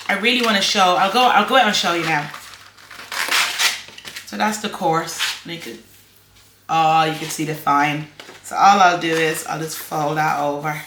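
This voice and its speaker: An Irish woman chats to her camera at home in a rambling, friendly vlog way, laughing now and then. Her voice sits low but sounds bright and forward. The room around her is echoey. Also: slight background noise. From Ireland. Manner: chatty and rambling, laughs often. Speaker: vlogger. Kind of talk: casual chat to camera.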